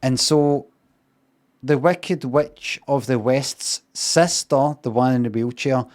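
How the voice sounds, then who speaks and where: A Scottish man rambles through a recap on his stream, swearing freely and dryly amused at the silly bits. His voice sits at an ordinary middle pitch and he talks off the cuff, restarting sentences as he goes. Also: slow, a little mellow. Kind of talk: casual rambling review on a live stream.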